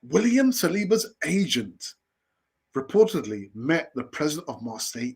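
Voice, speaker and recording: Casting: man, live-stream football host, animated delivery, lively pitch. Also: fairly quick. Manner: animated, repeats phrases, asides to himself. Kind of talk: live-stream news chat.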